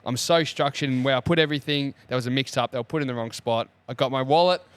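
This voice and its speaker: A man's voice: mid-range voice, fast talker, clear, resonant tone, no echo. A young Australian man casually telling a story on a podcast, acting out the conversations as he goes. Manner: animated storyteller, acts out dialogue. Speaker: co-host. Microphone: studio mic.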